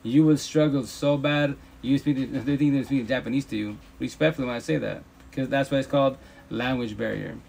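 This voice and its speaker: Male streamer on a phone mic, mid-pitched, preachy, swears a lot, hammers points home. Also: steady tone, a little fast, creaky, a little mellow, a little hiss or hum. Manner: emphatic, profane, repeats himself. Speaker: livestream host. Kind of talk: casual preachy rant. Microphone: phone livestream.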